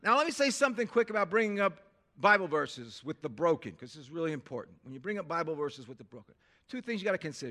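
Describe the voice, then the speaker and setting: Bright-voiced preacher man, high and animated. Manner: animated, swinging from hushed to loud; calls for amens from the crowd. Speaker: pastor. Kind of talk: sermon.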